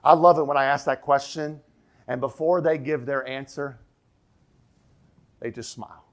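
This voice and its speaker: A man preaching a sermon as pastor, emphatic, repeating key lines and dropping his voice low for the quoted question. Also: steady tone, normal speed. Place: church sanctuary.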